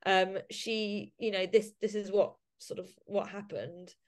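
A woman's voice: medium pitch, steady tone, a little slow. A woman guest on a casual podcast interview, talking emotionally with many fillers and restarts. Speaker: podcast guest, society member.

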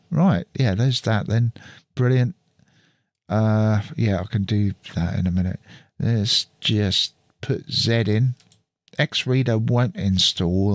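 Guy muttering thru a screen recording, lowish voice, dry close studio mic. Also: dry recording. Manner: chatty, thinks aloud while working. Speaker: channel host. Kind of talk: casual screen-recording walkthrough. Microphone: studio mic through an audio interface.

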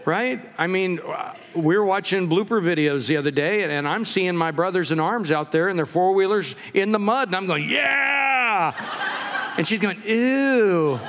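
Male pastor, humorous sermon, chatty storytelling, high voice, long church reverb. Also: fairly bright tone. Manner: conversational storytelling with jokes. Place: church sanctuary.

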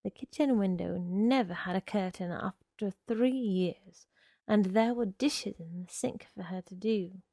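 Slow, gravelly woman reading a story. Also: mid-range voice, mellow, dry recording, studio quality. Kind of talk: literary reading.

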